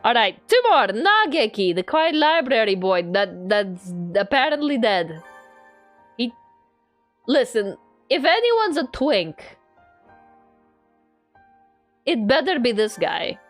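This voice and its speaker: A woman's voice: fairly high pitch, very animated, slow pace, long pauses, soft background music. A woman streamer chatting playfully and teasingly while reading through a game. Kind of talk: casual game commentary and reading.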